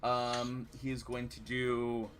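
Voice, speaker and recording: Young guy dm-ing a tabletop game, bright clear voice, lively narration, faint music behind. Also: medium pitch, takes it slowly. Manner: lively descriptive narration with rules talk. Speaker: dungeon master.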